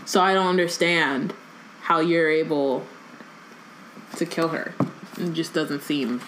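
A woman's voice: low voice, fairly even intonation, slow, noisy background. A woman co-hosting a casual book podcast, recapping the plot and reading passages aloud. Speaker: podcast co-host. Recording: echoey room.

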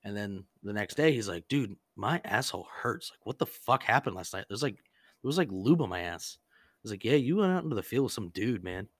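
A man's voice: fairly low pitch, animated, brisk, no echo, clean studio sound. A man casually telling a crude prank story on a podcast, rambling and profane, full of "like" and acted-out quotes.

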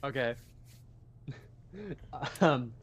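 A man's voice: mid-range voice, extremely slow. A man playing a tabletop game, laid-back and casual, swearing now and then. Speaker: player.

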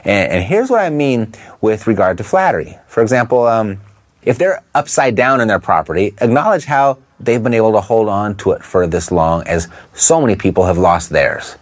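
A man coaching listeners in an instructional talk, stressing his points and asking quick rhetorical questions. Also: lowish voice, animated. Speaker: real estate investing coach.

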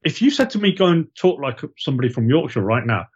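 A man's voice: medium pitch, big pitch swings, fast talker, breathy edge. A man from the East Midlands chats on a podcast, telling loose, rambling stories in a friendly tone. His voice sits mid-range. The sound is muffled and lo-fi. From East Midlands, England. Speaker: podcast co-host. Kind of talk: casual chat.

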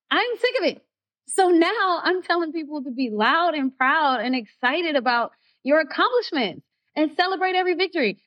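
A woman speaking as a guest in a candid interview, expressive and heartfelt, her voice rising when she gets excited. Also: on the high side, lo-fi sound. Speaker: actress guest.

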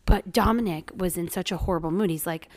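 Swearing, chatty mom co-host. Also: female voice, fairly low pitch, a little fast. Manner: swearing, animated storytelling. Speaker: podcast co-host and mother. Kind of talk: casual chat.

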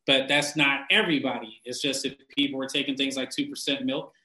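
A man ranting casually and bluntly, swearing constantly, laughing often and getting animated when he mocks people. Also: mid-range voice, fairly quick, reverberant, rough recording. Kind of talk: casual profane rant.

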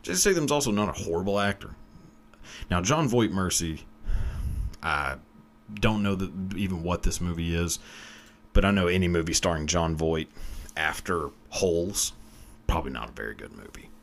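A podcast host in casual solo commentary, ranting profanely and emphatically about award shows. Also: male voice, low-pitched, lively intonation, moderate pace, creaky, pauses often.

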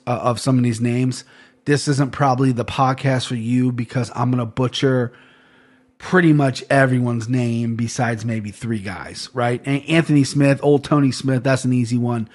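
A man hosting a podcast, chatting casually and rambling through fight picks, swearing now and then and joking at his own expense. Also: mid-range voice. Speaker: podcast host. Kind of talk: casual sports betting chat.

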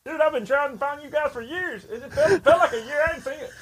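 A man voicing a gruff, impatient pizza delivery guy with a country drawl who cusses as he talks. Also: very high voice, quick pace, a bit bright, voice pushed up. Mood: grumbling. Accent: Southern US country drawl.

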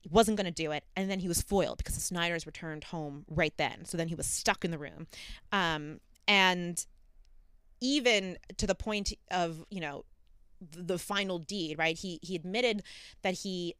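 A woman co-host talks through a true crime story in a loose, chatty way, dropping ums as she goes. Her voice is smooth and resonant at a middle pitch. The recording is close and dry. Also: moderate pace, fairly bright tone, no echo. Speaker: podcast co-host. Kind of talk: casual chat retelling a true crime case.

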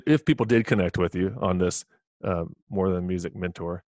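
A man hosting a podcast, speaking in a relaxed, affirming way and often giving short agreeing replies. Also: deep voice, moderate pace, no echo, clean studio sound. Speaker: podcast host. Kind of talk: casual podcast interview.

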